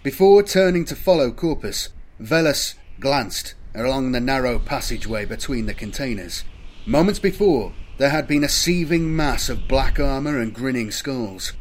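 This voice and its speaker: A man giving steady, measured scripted narration of an audiobook. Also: medium pitch.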